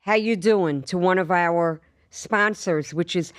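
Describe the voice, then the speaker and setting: A woman co-hosting a podcast in casual chat, teasing her guest and quickly chiming in. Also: on the low side, background noise. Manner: teasing, quick to laugh and chime in. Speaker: podcast co-host.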